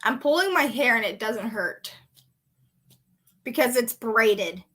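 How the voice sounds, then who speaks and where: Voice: medium pitch, lively intonation, takes it slowly, sharp tone. A playful reader and voice impressionist who reads a story aloud, breaks off to chat, and giggles often. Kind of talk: casual read-aloud with chatter.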